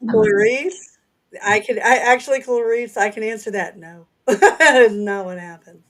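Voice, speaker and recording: A woman's voice: a little high, measured pace. A middle-aged woman with a Southern accent, co-hosting a casual chat and laughing often. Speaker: author and co-host.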